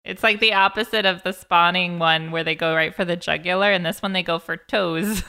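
Casting: Frau als Podcast-Co-Host, helle, klare Stimme, lebhaft und oft lachend. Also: female voice, lowish voice, brisk, smooth. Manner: animated, laughing, mimics characters in quotes. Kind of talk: casual movie commentary chat.

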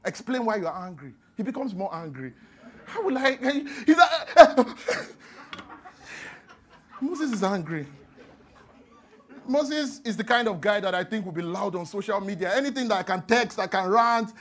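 A high-voiced man delivers a sermon as a pastor. He tells his points as playful stories, slipping into acted-out quotes and laughing along with them. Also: animated, unhurried, pauses often, a bit bright.

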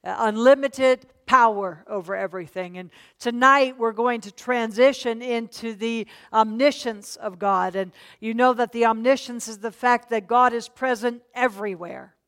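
A woman's voice: on the high side, moderate pace, hardly any pauses. Conversational woman teaching a Bible study. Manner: conversational, asks congregation to read aloud. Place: church meeting.

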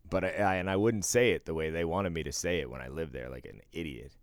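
A man's voice: extremely low pitch, quick pace, dry recording, clean studio sound. A middle-aged man co-hosting a casual podcast chat, laid-back, swearing freely and laughing often. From eastern US. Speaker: podcast co-host.

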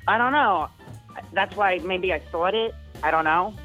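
A woman's voice: fairly low pitch, a little slow, fairly bright tone, soft background music, rough recording. A woman calling in to a stream, hesitant with many fillers but playful. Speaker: caller. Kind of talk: casual phone-in chat.

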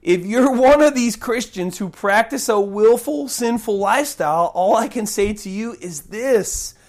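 A man's voice: high-pitched, expressive, unhurried. Impassioned folksy male preacher. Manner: impassioned, acts out prayers and quoted voices; conversational, folksy asides. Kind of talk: sermon.

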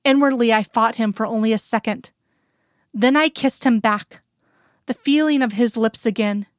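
A woman's voice: fairly high pitch, normal speed, no echo, studio quality. A woman reading a first-person story aloud in an earnest, intimate storytelling voice. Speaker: reader.

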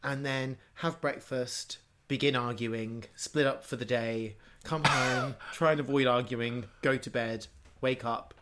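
A man's voice: medium pitch, fairly even intonation, measured pace, fairly bright tone, slight background noise. A man from Norfolk in casual, rambling chat, laughing often. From Norfolk, England.

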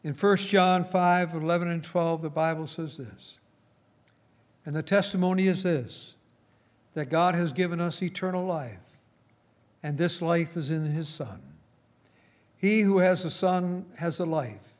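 Man, preacher, sermon storyteller: slow and deliberate, lightly high-pitched. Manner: tells an illustration story, then drives the point home.

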